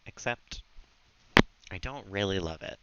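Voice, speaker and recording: A man's voice: low voice, lively intonation, unhurried, heavy background noise. A man streaming a game from a room at home, chatting casually and giggling as he talks to his viewers and his pet. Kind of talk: casual live-stream gameplay commentary. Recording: slightly dull stream mic audio.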